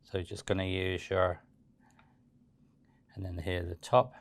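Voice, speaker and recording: A man giving a relaxed, chatty step-by-step cake decorating tutorial, with frequent fillers and restarts. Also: sits low, measured pace.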